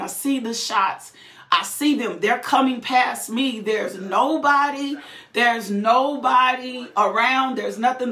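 Woman, fervent testimony, repeats herself, laughs through it, slightly high voice. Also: pushed and bright. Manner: repetitive, fervent, breaks into laughter. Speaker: testifying believer. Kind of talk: emotional personal testimony. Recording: roomy echo.

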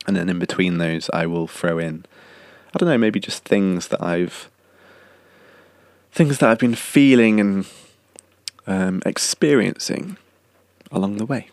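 A young man who hosts a podcast and writes and sings his own songs rambles through a casual, chatty monologue, correcting himself along the way, with a slight cough. His voice is fairly low and a little mellow, recorded without room sound.

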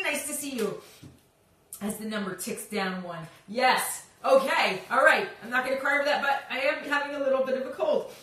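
Woman host of a live-stream chat, bright and bubbly with a sing-song lilt, recorded off-mic in an echoey room. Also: high voice, distant mic. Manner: bubbly, sing-song, greets viewers by name.

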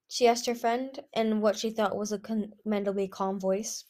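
A woman reading a fantasy novel aloud, narrating between the characters' lines and pausing now and then to fix small slips. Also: medium pitch, steady tone, a little mellow. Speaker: audiobook reader.

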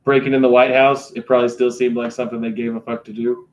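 A man's voice: mid-range voice, little pitch movement, fast, a little mellow. Man tossing out crude podcast jokes. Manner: short teasing interjections, laughs along. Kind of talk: crude casual podcast banter. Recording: slightly dull lo-fi mic.

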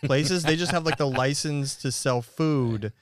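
A man's voice: a little high, measured pace, dry recording. A man chatting casually with friends and making dry remarks. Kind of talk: casual podcast chat.

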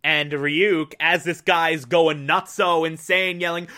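A man eagerly recaps an anime plot in a loose, rambling way, full of fillers and restarts. His voice is bright and sharp, a bit high for a man. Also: fairly even intonation, slow.

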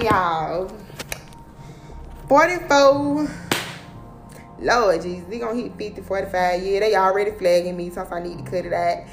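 A woman's voice: medium pitch, echoey room. A woman speaking in as the host of a livestream, giving profane motivational talk and repeating "period" and "okay".

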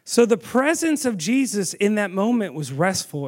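A man preaching a sermon, telling the story with animated storytelling and asking the audience questions. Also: high-pitched, normal speed.

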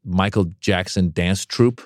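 A comedian, a man, telling a story in a lowish voice, recorded close and dry. He is animated and acts out the people in the story, with sudden jumps up into high, excited voices. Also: measured pace, no echo. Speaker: comedian guest. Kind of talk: casual storytelling interview.

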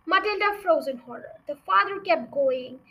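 A woman's voice: very high voice, lively intonation, moderate pace, a bit bright, rough recording. A young woman reading a children's novel aloud as a storyteller, with chatty asides to her listeners.

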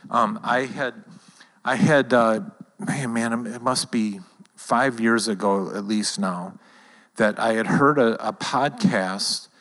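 A man's voice: medium pitch, takes it slowly, fairly bright tone. A man leading a church talk, telling a personal story in a conversational way to his congregation. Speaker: church leader. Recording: long hall reverb.

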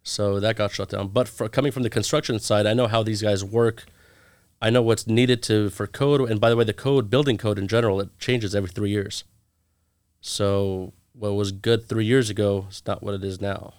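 A man's voice: on the low side, moderate pace, clear, resonant tone, no echo, clean studio sound. A man in his thirties, a guest in a casual interview, telling stories with energy and acting out the lines of the people in them. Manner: animated storyteller acting out quoted dialogue.

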